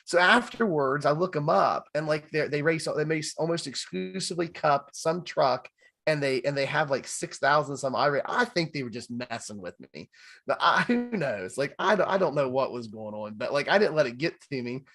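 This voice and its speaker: Male host with a fairly high voice, chatty and animated, laughing as he tells stories. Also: normal speed, vocal fry. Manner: animated storyteller who laughs often. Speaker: podcast host. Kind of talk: casual podcast chat.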